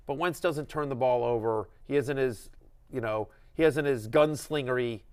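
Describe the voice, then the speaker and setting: A middle-aged man hosting a fantasy football show, talking in an excitable, rambling way with many restarts. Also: medium pitch, normal speed, clear, resonant tone. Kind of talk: casual sports chat.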